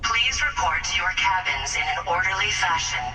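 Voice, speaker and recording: An actor voicing a male starship announcer making a formal, measured emergency announcement over a public address system. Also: high voice, animated, pushed and bright, slight background noise, full character voice. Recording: echoey distant PA with music.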